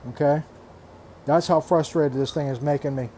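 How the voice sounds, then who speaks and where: Older male hobby vlogger, blunt and fed up, mellow tone, faint room noise. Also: on the high side, fairly even intonation, normal speed. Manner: exasperated, blunt, swears freely; repeats himself, restarts phrases. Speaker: reef aquarium hobbyist vlogger. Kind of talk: frustrated casual rant.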